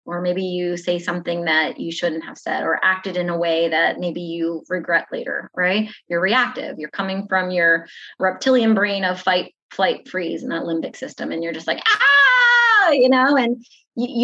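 Lively woman explaining on a podcast. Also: fairly low pitch, moderate pace, muffled recording. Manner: animated, acts out inner self-talk, laughs often. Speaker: podcast guest. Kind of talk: conversational teaching.

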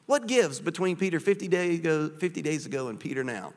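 Animated preacher in a reverberant church. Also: male voice, a little high, quick pace. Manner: animated, conversational preaching with rhetorical questions. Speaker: pastor. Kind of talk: sermon. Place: church sanctuary. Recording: church hall with long reverb.

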